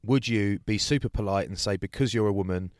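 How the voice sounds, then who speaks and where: Brisk with a lowish voice, this podcast co-host tells a story in laid-back conversation, full of energy as he mimics the characters' voices. The studio-quality audio carries no room sound.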